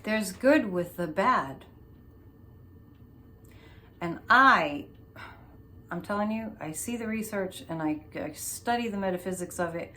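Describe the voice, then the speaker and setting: A woman's voice: medium pitch, expressive, unhurried, pauses often, bright, forceful tone. A woman hosting a psychic show, chatting loosely through a tarot reading with many restarts and asides. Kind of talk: casual tarot reading commentary.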